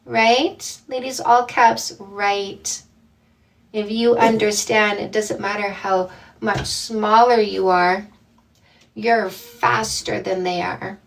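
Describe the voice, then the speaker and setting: Slow, emphatic woman coaching live. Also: mid-range voice, fairly even intonation, gravelly, distant mic. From Canada. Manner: slow, emphatic, encouraging, calls people "my love" and "ladies". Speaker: dating coach hosting a live stream. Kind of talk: casual live-stream chat with callers.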